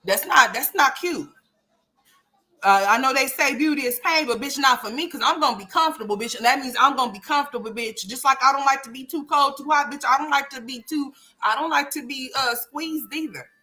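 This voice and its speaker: A woman hosts a casual reaction commentary in a blunt, profane, teasing way, full of playful mock outrage. Her voice sits a little high and sounds bright and tense. She talks straight through with loose, everyday phrasing. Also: a little fast. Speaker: commentary channel host.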